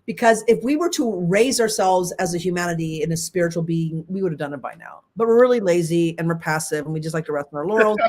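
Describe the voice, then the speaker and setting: A woman hosting a casual conversation, telling stories animatedly and jumping up high when she voices her own reactions. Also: quick pace, few pauses. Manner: animated storytelling, voice leaping high for quoted reactions. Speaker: host.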